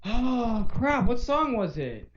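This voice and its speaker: A man co-hosting a casual podcast, joking and teasing with quick comebacks. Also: very high-pitched, big pitch swings, dull audio, a little hiss or hum. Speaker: podcast co-host. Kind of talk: casual chat.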